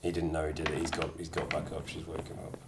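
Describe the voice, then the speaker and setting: A man's voice: very deep voice, completely flat delivery, fast, a little hiss or hum. A man casually chatting to his live-stream viewers as he plays a game, reading out their comments with jokey asides. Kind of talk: casual live-stream chat while gaming.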